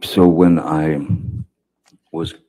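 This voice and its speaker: A man giving courtroom testimony as a witness, speaking haltingly with many restarts and fillers. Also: extremely low pitch, level tone, mellow. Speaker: trial witness.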